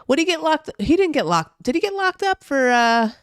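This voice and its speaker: This time her voice runs high, swinging widely in pitch at a slightly fast clip. The young New Jersey streamer reads the news casually on her live stream, swearing liberally and reacting to chat, captured in echo-free studio-quality audio.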